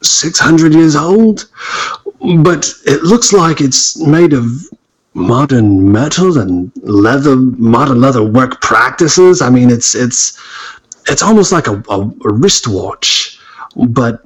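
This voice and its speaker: A man's voice: medium pitch, expressive, takes it slowly, breathy edge, low-quality recording. An American man voicing a flustered, apologetic museum ticket man in a put-on British accent that slips. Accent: put-on British, slipping. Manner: flustered, over-polite, rambling.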